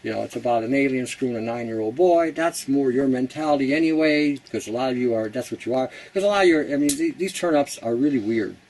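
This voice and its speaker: A man's voice: mid-range voice, quick pace, few pauses, darkish tone, a little hiss or hum, rough recording. A man hosting a casual how-to talk, chatty and blunt, laughing at his own jokes. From Canada. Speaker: host.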